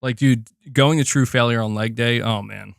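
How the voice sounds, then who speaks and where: A young man hosting a casual live stream, excitedly thanking members and chatting while doing curls. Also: mid-range voice, normal speed, vocal fry, dry recording, studio quality. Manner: excitable, reads out member gifts, chats while exercising. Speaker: livestream host.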